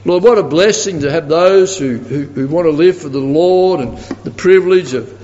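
A man with a slightly high voice preaches in a hall where the sound rings with long reverb. The audio is dull and muffled. He tells his story in a lively way and grows animated when he quotes other people. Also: moderate pace. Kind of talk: sermon with anecdote.

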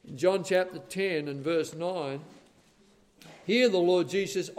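A man preaching a sermon, earnest and measured, slowing down for emphatic scripture quotes. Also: high voice, darkish tone.

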